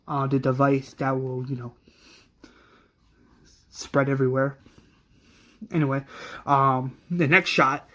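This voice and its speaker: A man's voice: fairly high pitch, fairly bright tone. A man casually retelling the plot of his fan series, rambling with many fillers and restarts.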